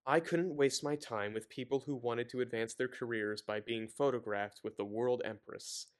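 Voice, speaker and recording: A man's voice: mid-range voice, fairly even intonation, normal speed. Male host reading a book aloud with sarcastic, exasperated asides, loose and rambling delivery, mid-range voice. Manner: exasperated, sarcastic asides between read passages; loose, rambling, stumbles over words. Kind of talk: casual book reading with commentary.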